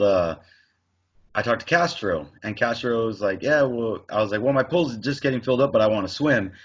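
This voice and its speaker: Profane, rambling man on a dull podcast mic. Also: lowish voice. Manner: profane, rambling, animated retelling with quoted dialogue. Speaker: podcast co-host. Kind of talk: casual storytelling chat.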